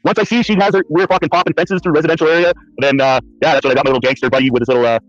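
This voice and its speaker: A man on an online podcast panel telling a profane, lively personal story. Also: fairly high pitch, racing, dry recording, soft background music. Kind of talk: casual storytelling on a call. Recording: dull, dry call audio.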